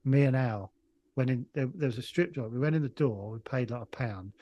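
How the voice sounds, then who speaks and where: Here the same kind of guest, a middle-aged English comedian, wanders through a casual story full of restarts and laughs. He speaks in a mellow mid-range voice, a little on the fast side, and the audio is dull with no room sound.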